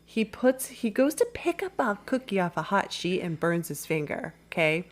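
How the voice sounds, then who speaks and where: A woman's voice: medium pitch, very animated, normal speed. A woman co-hosting a film podcast, casually retelling a movie's plot with lots of "like" and "you know.". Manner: rambling plot recap full of "like". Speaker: podcast co-host. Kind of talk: casual film-review chat.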